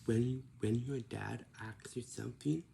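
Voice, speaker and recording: A man with a slow, gravelly, low voice lectures in a steady, dark tone, giving life advice in a casual vlog monologue. He's instructive and repetitive, often restarting sentences and tacking on tag questions.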